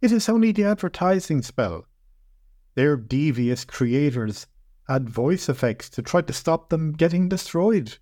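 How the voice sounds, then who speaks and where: A man playing a calm male compound keeper in a spoken fantasy story, explaining things in a plain, matter-of-fact way. The voice sits a little high for a man and sounds dry and close. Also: a little slow, no room sound.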